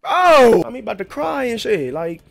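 A young man, commentating his gameplay with loud, excitable trash talk and sudden yelps. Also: extremely high pitch, moderate pace, vocal fry. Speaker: gaming streamer. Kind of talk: let's play commentary. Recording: game soundtrack loud under voice. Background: game music.

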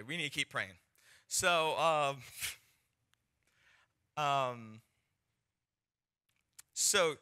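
Young guy preaching, super bright sharp voice, acts out the people in his stories. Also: on the high side. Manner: animated, acts out quoted voices, laughs between points. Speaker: speaker sharing a testimony. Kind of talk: sermon storytelling.

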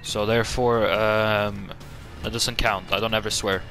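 A man hosting a gaming channel, giving excitable, jokey gameplay commentary full of swearing and sudden outbursts. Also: fairly low pitch, measured pace, soft background music.

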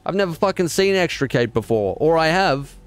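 A man's voice: on the high side, lively intonation, a little fast. A man streaming a game, reading its text passages aloud, stumbling over words and breaking off into exasperated, swearing rants.

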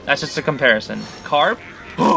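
Lively, excitable young gamer guy. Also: mid-range voice, normal speed, gravelly, soft background music. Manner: excitable, talks to the creatures on screen. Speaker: gaming channel host. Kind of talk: let's-play commentary.

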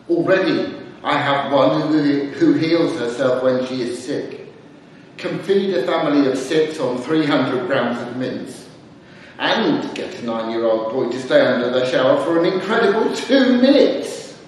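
A man's voice: fairly high pitch, a little hiss or hum. A man playing the Lord as a fond, patient creator in a dramatised church reading, speaking earnestly and tenderly. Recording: echoey church heard from far off.

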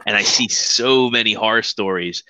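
A man's voice: on the low side, normal speed, sharp tone, clean tone, no echo. A man hosting a casual podcast chat, talking loosely with lots of fillers. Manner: loose, rambling, many fillers. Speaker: podcast host.

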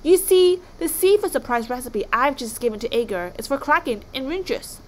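A woman's voice: high-pitched, lively intonation, normal speed, voice pushed up, poor audio. A woman voicing a clever, polite young male Viking who outwits a sea god. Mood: sly. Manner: courteous, sly.

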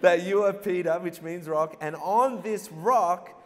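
A man's voice: high voice, unhurried. A man preaching a sermon as a guest pastor, playful and drawing call-and-response from the congregation. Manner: playful, gets the crowd to call back. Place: church auditorium. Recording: long reverb of a large hall.

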